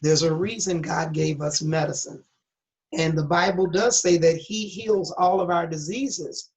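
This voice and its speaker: Interviewed as a guest, a middle-aged woman pastor tells her story at a measured pace, her voice sitting low and a little mellow. Candid and earnest, she leans on a preacher's emphasis; the recording is dull and lo-fi.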